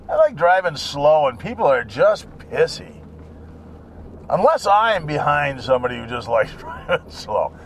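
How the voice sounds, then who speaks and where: High, lively-voiced man rambling slowly. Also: creaky, slight background noise. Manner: crude, joking, chuckling, wandering asides. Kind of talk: rambling casual monologue.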